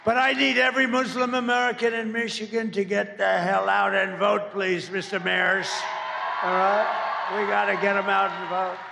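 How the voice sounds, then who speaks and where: Man, rally speech, high gravelly voice, rambling and repetitive, echoing hall reverb, faint ambient noise. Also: flat delivery, normal speed. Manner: rambling, repetitive, jabbing with insults and asides. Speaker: political candidate at a campaign rally. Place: large campaign event venue.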